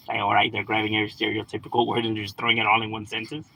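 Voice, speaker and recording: A young man from Southern California chatting casually on a live stream, relaxed, swearing and laughing often. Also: fairly low pitch, racing, vocal fry, hardly any pauses, breathy edge. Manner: laid-back, laughs often, drops swear words and slang. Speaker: livestream gaming host.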